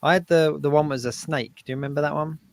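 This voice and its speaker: Gravelly, easygoing male co-host. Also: fairly high pitch, fairly even intonation, no echo. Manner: agreeable, lots of quick "yeah"s. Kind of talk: casual live chat.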